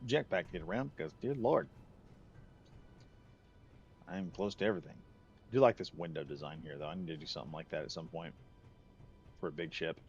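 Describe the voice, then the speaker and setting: Gravelly low-voiced man streaming a game. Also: fairly quick, long pauses, lo-fi sound, faint music behind. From United States. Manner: rambling, chatty, laughs easily. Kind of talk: casual gameplay commentary.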